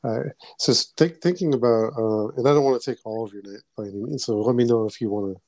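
Eager male podcast host, mellow dry voice. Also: mid-range voice, no room sound. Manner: eager, halting, keeps saying awesome. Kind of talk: casual interview chat.

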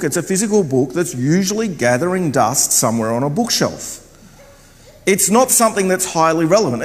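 An older man preaching a sermon in a church, loud and chatty, wandering about as he talks. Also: a little high. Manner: loud, chatty, wanders around while talking. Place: church hall. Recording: long hall reverb.

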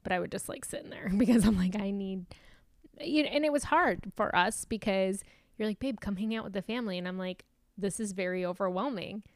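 A woman's voice: mid-range voice, fairly quick, no room sound, studio quality. Chatty, teasing woman podcast co-host. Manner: chatty, laughs easily, teasing. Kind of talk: casual chat.

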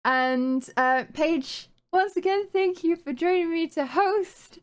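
A woman's voice: very high voice, takes it slowly. A woman hosting a live stream, wrapping up casually with many ums and restarts. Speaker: stream host.

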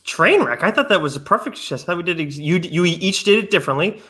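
A man's voice: high voice, animated, quick pace, sharp tone. A man co-hosting a podcast in casual chat, talking in long asides that trail off and restart. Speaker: podcast co-host.

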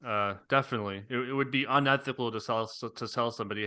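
Laid-back male podcast co-host, smooth crisp voice, relaxed chatter. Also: mid-range voice, fast talker, few pauses, no echo, studio quality. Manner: laid-back, says dude and man a lot. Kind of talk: casual chat.

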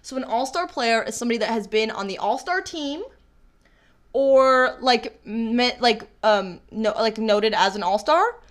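A young woman with a slightly high voice co-hosts a relaxed chat show. She talks in a bubbly, excitable way and giggles often. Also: measured pace. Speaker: podcast co-host. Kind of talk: casual chat.

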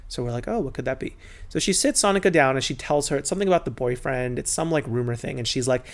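A man's voice: mid-range voice, quick pace. Chatty man recapping reality TV. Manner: chatty, gossipy, mimics people in quotes. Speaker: podcast host.

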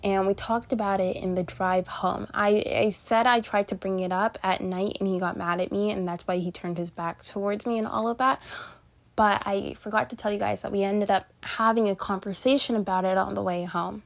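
A woman's voice: medium pitch, steady tone, normal speed, vocal fry. A young woman hosting a podcast, chatting in a casual, rambling way with lots of fillers and restarts as she tells a personal story. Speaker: podcast host.

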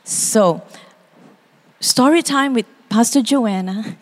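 A woman, preaching a sermon as pastor, expressive and quick to act out voices. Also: a little high. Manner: expressive, acts out quoted voices, laughs easily. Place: church hall. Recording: long reverb in a church hall.

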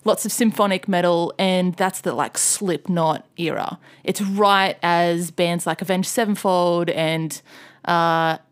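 A woman's voice: fairly low pitch, steady tone, slow pace, clear, resonant tone. Chatty woman telling a story. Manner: storytelling, loose and swear-heavy, mimics angry fans in loud outbursts. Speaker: podcast co-host. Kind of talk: casual chat.

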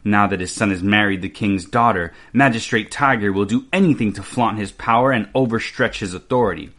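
A man voicing a wise older master painter in a read-aloud storybook, speaking quietly and in a measured way. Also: lowish voice.

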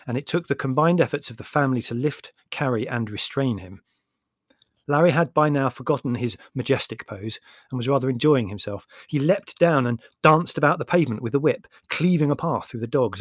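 A man narrating a humorous memoir as an audiobook, in a measured, wry storytelling manner. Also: mid-range voice, no room sound, clean studio sound. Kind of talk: scripted narration.

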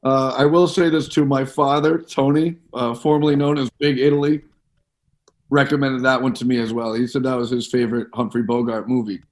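A man co-hosting a casual movie podcast, giving quick upbeat film picks with a playful showman touch. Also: mid-range voice, little pitch movement, a little mellow. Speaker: podcast co-host.

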